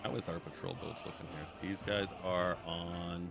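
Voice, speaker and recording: A man's voice: sits low, flat delivery, moderate pace, vocal fry. A man giving chatty live commentary while he plays a strategy game and talks to his chat. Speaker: streamer. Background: background music.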